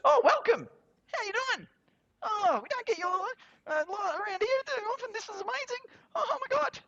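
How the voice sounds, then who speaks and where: A man voicing a small furry blue gremlin-like creature in a squeaky, shrill voice, chattering quickly. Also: animated, creaky, highs cut off, full character voice. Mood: excited. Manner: loud, fast greeting chatter.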